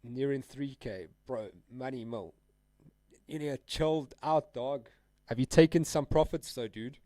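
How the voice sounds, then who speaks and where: A man's voice: mid-range voice, a little slow, dark tone, no echo. A man live-streaming his trades, talking casually and full of slang while he answers chat and calls out trades. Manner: casual, slangy, addresses viewers as guys and dude.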